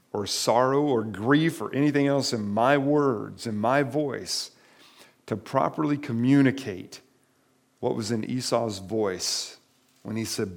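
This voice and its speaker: A male pastor delivers a sermon with emphatic, direct appeals to his listeners. He repeats his key phrases for weight, in a voice of ordinary pitch.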